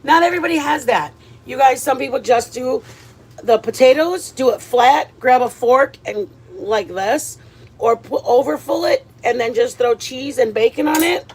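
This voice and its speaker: A woman hosting a home cooking video, chatting loudly and playfully with viewers and her husband. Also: high-pitched, moderate pace, breathy edge, low-quality recording. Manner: lively, loud, playful, laughing. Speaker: cooking vlog host. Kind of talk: casual cooking chat with viewers.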